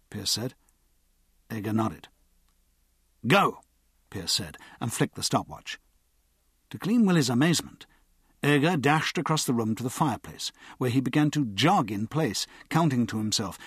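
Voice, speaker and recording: In studio-quality audio with no room sound, a male narrator with a husky, mid-range voice reads an audiobook. The scripted narration is delivered in a measured, expressive storytelling way.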